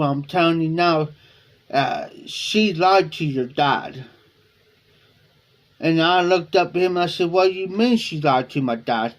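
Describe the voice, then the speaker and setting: A man hosting a live stream, telling a personal story in a rambling way, often repeating himself and quoting what others said. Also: on the high side. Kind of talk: casual storytelling.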